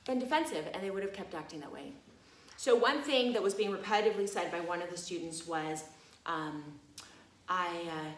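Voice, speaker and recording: Speaking at a moderate pace in a voice on the low side, this massage college teacher tells a loose, animated story full of laughter and fillers such as "you know." The recording has an echoey room sound.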